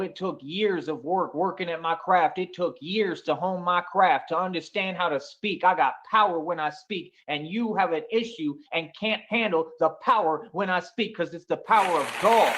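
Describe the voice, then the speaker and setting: A man's voice: high-pitched, a bit bright, a little hiss or hum, low-quality recording. A man from the United States hosting a casual livestream monologue, boastful and swaggering, looping back with "like I said" over and over. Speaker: livestream host.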